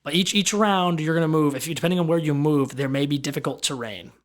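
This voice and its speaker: A man's voice: fairly high pitch, fast. A man narrating as game master of a tabletop game, rambling and repeating words as he thinks.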